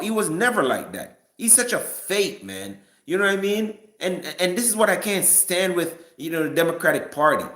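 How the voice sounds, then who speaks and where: With a high-pitched, somewhat bright voice, this man delivers a rambling opinion rant to a live chat as a streamer, frequently stumbling over his words and starting over. The audio has a roomy quality.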